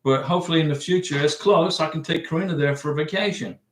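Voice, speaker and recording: A chatty middle-aged man hosts a casual livestream, reading viewer comments and giving visa advice. His voice is on the high side and he talks fast, rambling and often restarting his sentences. He's picked up by a distant mic in an echoey room.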